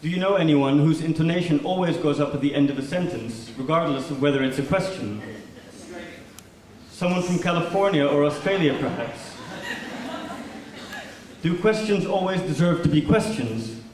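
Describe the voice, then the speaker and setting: A man with a fairly high, darkish voice speaks at a moderate pace with frequent pauses, delivering a performative lecture built only from questions, each ending on a rising note. Recorded from a distance in a large, echoey lecture hall, with faint background noise.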